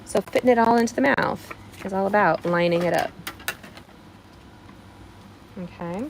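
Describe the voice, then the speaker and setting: A woman's voice: mid-range voice, moderate pace, vocal fry, a little hiss or hum, poor audio. A woman hosting a live card-making stream, chatting in a bubbly way straight to her viewers as she demonstrates. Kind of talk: casual live craft demonstration.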